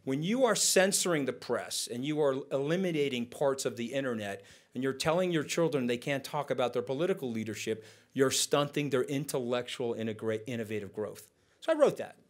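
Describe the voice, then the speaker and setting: A man tells stories from a conference stage. His delivery is animated and conversational. He slips into other people's voices to act out quotes as he goes. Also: mid-range voice, fairly quick. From United States. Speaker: guest speaker. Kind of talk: onstage storytelling conversation.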